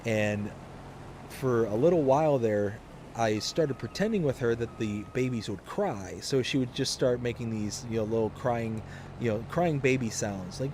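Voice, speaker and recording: Man, young adult, casual live-stream chat, rambling, relaxed, many fillers, background noise. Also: medium pitch, moderate pace.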